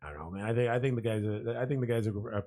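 A man's voice: lowish voice, rapid-fire, dark tone. A man co-hosting a casual podcast chat, laid-back with profane banter.

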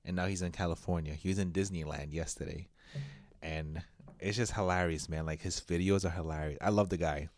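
A man's voice: sits low, fairly even intonation, fairly quick, a little mellow, no room sound. A man co-hosting a casual podcast, talking bluntly and eagerly. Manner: enthusiastic, blunt, swears freely. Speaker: podcast co-host. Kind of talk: casual chat.

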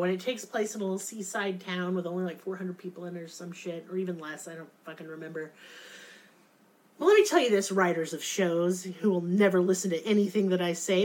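A woman's voice: mid-range voice, poor audio. A young woman co-hosting a podcast, chatting casually and ranting sarcastically with lots of swearing. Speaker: podcast co-host. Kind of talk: casual chat.

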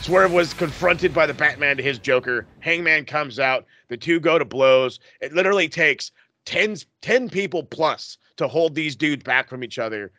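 Bright-voiced man recapping wrestling. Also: fairly high pitch, moderate pace, no echo. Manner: profane, rambling. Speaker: podcast host. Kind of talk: casual wrestling recap chat.

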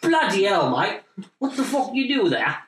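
A man putting on a deliberately bad British accent to play a brash, loudmouthed bloke, recorded off-mic in a roomy space. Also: high-pitched, big pitch swings, distant mic, voice pushed up. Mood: mock outrage.

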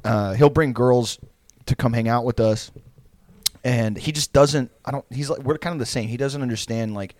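Late-20s guy, lively pitch, crude and rambling storyteller who cracks himself up, dry close sound. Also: normal speed, no echo. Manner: rambling, profane, laughs through the story. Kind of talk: casual storytelling.

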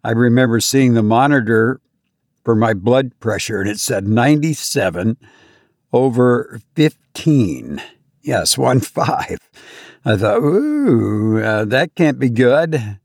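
Male podcast host, unhurried and halting, repeats himself as he tells a story, dead-dry mic. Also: medium pitch, big pitch swings, darkish tone, dry recording. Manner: halting, repeats words, rises when acting out panic. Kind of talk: personal story told to listeners.

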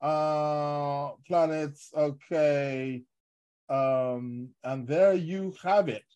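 Male astrology podcast host, sick with covid and talking from his bed, rambling, casual, fond of shout-outs, voice a bit high. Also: fairly even intonation, extremely slow, smooth. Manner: rambling, chatty, full of fillers and shout-outs. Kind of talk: casual live-stream talk.

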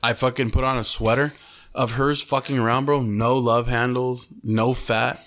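A man's voice: medium pitch, flat delivery, normal speed, a bit bright. A young man co-hosting a podcast, telling loose gym stories in casual chat, full of swearing and "bro" and "dude.". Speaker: podcast co-host.

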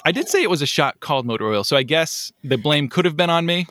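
A man hosting a casual podcast interview, telling stories in an animated, joking way. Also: on the high side, fast talker, no echo, studio quality. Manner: animated, jokey storyteller. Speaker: podcast host.

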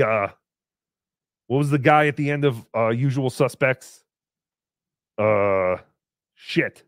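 Man playing a bratty puppet host: high swooping voice, crude sarcastic stream banter, dry close sound. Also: fairly bright tone, no room sound. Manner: sarcastic, crude, mock-outraged asides. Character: brash foul-mouthed male puppet show host. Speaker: livestream host reading paid messages. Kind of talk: live-stream character chat.

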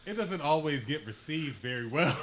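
Animated man from New Jersey. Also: a little high, measured pace, rough recording. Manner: animated, emphatic, swears freely. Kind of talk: casual chat. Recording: faint hiss.

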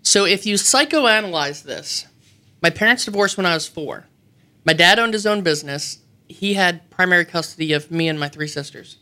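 A woman guest on a radio show, telling animated, self-mocking childhood stories in a casual way. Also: on the low side, moderate pace. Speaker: guest, wrestling personality. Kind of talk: casual storytelling. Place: radio studio.

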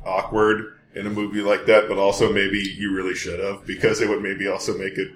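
A laid-back man chatting casually on a podcast, speaking in a measured way. His voice sits fairly low. The recording carries roomy echo. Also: monotone. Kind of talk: casual chat.

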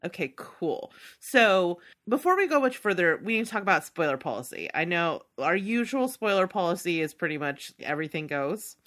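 A young woman co-hosts a casual podcast chat, laughing easily. Her voice is bright and forward, and her pitch moves a lot. She sounds upbeat and talkative. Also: very animated, normal speed, few pauses. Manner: chatty, laughs often, upbeat. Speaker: podcast co-host.

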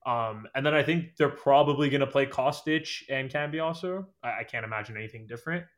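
Male guest, casual fan chat, mid-pitched, hedgy and filler-heavy. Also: a little fast. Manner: hedging, many fillers and "I think".

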